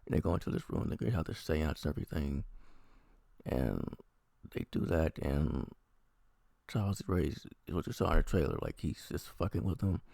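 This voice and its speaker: Guy with a super deep gravelly voice rambling thru a tv recap, swears a lot, lively up and down delivery. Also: normal speed, dry recording, clean studio sound. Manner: rambling, profane plot recap. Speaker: TV review vlogger. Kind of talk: casual episode review.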